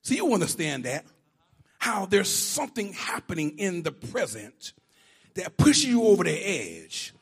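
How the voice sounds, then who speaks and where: A male pastor preaching a sermon, swinging from hushed lines to shouting and half-singing. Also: high voice, wildly swooping pitch, measured pace, breathy edge.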